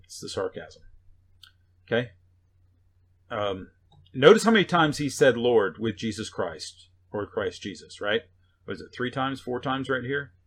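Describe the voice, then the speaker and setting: Guy preaching a bible sermon, chatty, keeps asking "right?", medium pitch. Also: animated, a little slow, long pauses, fairly bright tone, husky. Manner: conversational, sarcastic asides, frequent "right?" and "okay?".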